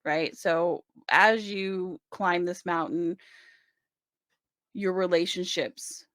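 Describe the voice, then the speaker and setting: A woman's voice: lowish voice, fairly even intonation, takes it slowly, fairly bright tone, no echo, clean studio sound. A woman giving a casual tarot reading, chatty and reassuring, often checking in with the listener. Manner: chatty, reassuring, many "right?" check-ins. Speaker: tarot reader.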